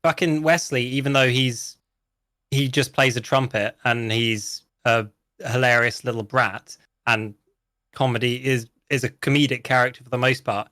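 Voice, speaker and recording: A man's voice: mid-range voice, fairly even intonation, normal speed, sharp tone, no echo, clean studio sound. A man chatting casually about roleplay, rambling through a long story with many restarts and some swearing. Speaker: roleplay guest. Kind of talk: casual podcast chat.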